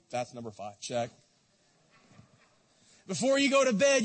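A man preaching a sermon in a church, impassioned, swinging from loud to soft. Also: very high voice, animated, a little slow. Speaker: pastor. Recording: long reverb of a church hall.

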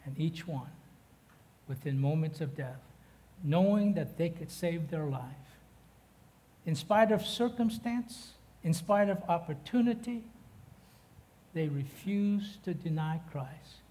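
A high-pitched man preaching to a congregation. He mixes playful asides and banter with the people in the pews, then climbs higher and louder as he drives home the scripture. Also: animated, slow, long pauses. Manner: jokey, chatty asides to the congregation; rises in pitch and force when preaching the text. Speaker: guest preacher. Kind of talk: sermon.

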